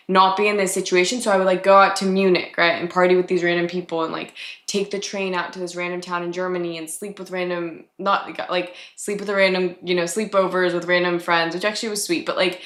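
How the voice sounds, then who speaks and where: A woman's voice: fairly low pitch, a bit bright. A young woman in her twenties sharing a personal faith testimony on a podcast, chatty and reflective with many filler words. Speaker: podcast host. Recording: echoey room.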